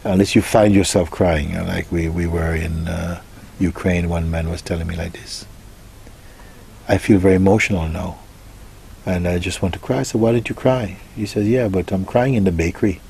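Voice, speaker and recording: A man with a very low voice speaks as a spiritual teacher, answering a question in a soft, unhurried way. He muses gently and leaves pauses between his thoughts. A faint hiss of noise sits behind him. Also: steady tone, creaky.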